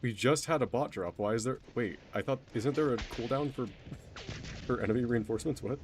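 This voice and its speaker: A man's voice: medium pitch, a little fast, slight background noise. A man streaming a video game, rambling casually, mocking himself and trailing off mid-sentence. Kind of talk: casual gameplay commentary.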